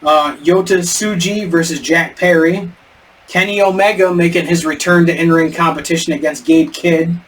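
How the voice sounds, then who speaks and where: A man's voice: a little high, steady tone, fairly bright tone. Rambling man, heard from the mic at a distance. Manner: rambling, halting, stumbles over names. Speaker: podcast co-host. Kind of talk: casual wrestling podcast chat. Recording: distant mic with faint background noise.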